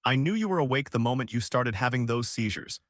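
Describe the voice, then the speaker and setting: A man's voice: medium pitch, expressive, fast, no echo, clean studio sound, lightly acted. A man voicing a stern, wealthy middle-aged father who talks in a cold, controlling way.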